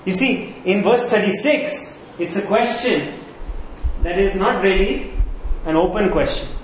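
A man's voice: high voice, a little slow. A man preaching a sermon, asking rhetorical questions and repeating key words for emphasis. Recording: echoey room, faint background noise.

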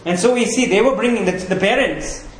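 A man's voice: high-pitched, a little fast, slight background noise. A man preaching a sermon as pastor in a conversational, earnest way, often checking in with the listeners. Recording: roomy echo.

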